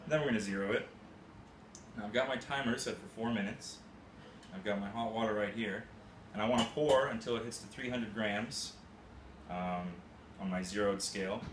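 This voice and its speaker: A man with a lowish voice speaks at normal speed with long pauses, casually demonstrating how to brew coffee step by step and tossing in playful, goofy catchphrases. It's recorded in a roomy space with a faint ambient hum.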